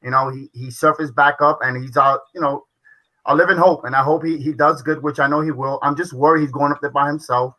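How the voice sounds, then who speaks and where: A man's voice: on the high side, steady tone, fairly quick, pushed and bright, rough recording. A man and retired kickboxing champion, chatting in a rambling, earnest way. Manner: rambling, earnest, name-dropping. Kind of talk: casual chat on a video call show.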